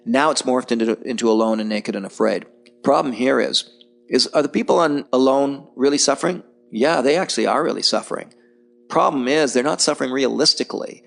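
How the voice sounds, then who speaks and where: Brief: middle-aged male guest, gravelly, mid pitch, blunt, animated storyteller. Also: brisk. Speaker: podcast guest, survival filmmaker. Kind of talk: candid conversational interview.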